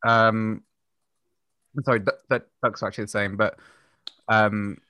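A man guest on a casual podcast, patiently explaining and telling a story with many pauses and ums. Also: on the low side, steady tone, bright, forceful tone, clear, resonant tone, no room sound.

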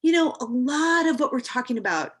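A woman's voice: high voice, lively intonation, a little fast. A woman in her forties, a mother with teenage kids, talking through an earnest, rambling personal reflection, full of fillers and restarts.

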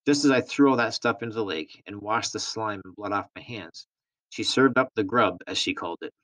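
A man reading a novel aloud in a steady, plain storytelling manner. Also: on the low side, brisk. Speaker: reader.

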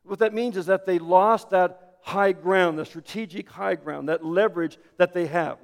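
A man preaching a sermon as a pastor, telling the story dramatically and swinging between loud passages and hushed ones. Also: sits high, fairly even intonation, normal speed, vocal fry, hardly any pauses. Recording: hall reverb.

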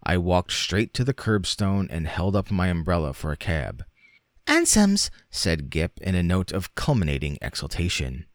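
Low-voiced guy reading an old story out loud, dramatic and expressive, dry close sound. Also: moderate pace, hardly any pauses, no echo. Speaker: narrator. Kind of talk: audiobook reading of a classic short story.

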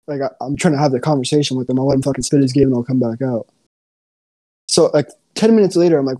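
A young man tells a rambling, profane story on a casual podcast. His voice is mellow and dark, and the recording is dry and close. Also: fairly high pitch, quick pace, no room sound. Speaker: podcast co-host.

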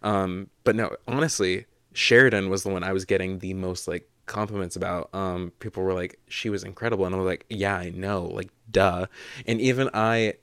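A young man in his twenties co-hosting a podcast, chatting casually with a relaxed manner. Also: low-pitched, brisk, hardly any pauses, smooth, no echo, studio quality. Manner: relaxed, many "um" and "like" fillers. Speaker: podcast co-host.

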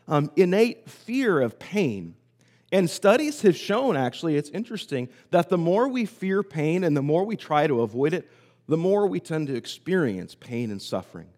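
A man preaching a sermon, telling a story in a conversational way and pausing often. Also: fairly high pitch, sing-song, darkish tone. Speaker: pastor. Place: church sanctuary. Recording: hall reverb.

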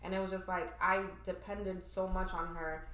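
A woman's voice: lowish voice, level tone, moderate pace, a bit bright, reverberant. A young woman guest chatting casually on a podcast, full of "like" and "you know" as she tells her story. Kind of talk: casual chat.

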